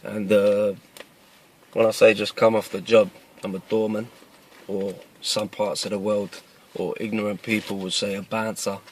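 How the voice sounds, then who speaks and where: A man's voice: lowish voice, little pitch movement, moderate pace, slight background noise. East london guy in his 30s, cockney accent, earnest, keeps repeating himself, sitting in his car. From East London, England. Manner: earnest, plain-spoken, repeats himself with restarts. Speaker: self-defence video maker. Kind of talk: casual talk to camera. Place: inside a parked car.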